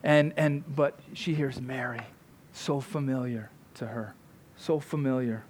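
A man's voice: medium pitch, a little slow, a little mellow, slight background noise. A man preaching a sermon in a conversational way, often checking in with his listeners with "right?". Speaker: pastor.

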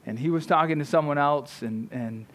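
A man's voice: a little high, normal speed, a bit bright. A man preaching a sermon, fervent and emphatic, often repeating words and tagging his points with "right?". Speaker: pastor.

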